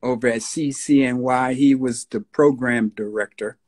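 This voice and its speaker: A man in his sixties with a New York accent, a guest recalling his past in a relaxed storytelling interview. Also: medium pitch. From United States. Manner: slow, unhurried storyteller with husky tone, breaks into voices of radio DJs.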